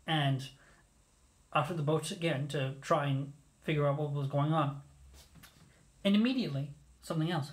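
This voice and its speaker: A storyteller recounting a personal anecdote in a casual, animated way, often restarting sentences mid-thought. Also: medium pitch. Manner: animated, rambling, with self-corrections.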